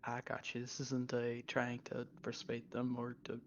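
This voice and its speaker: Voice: medium pitch, completely flat delivery, a little slow. Player thinking aloud on a dull lo-fi line. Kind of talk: casual tabletop game chat. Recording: dull lo-fi sound.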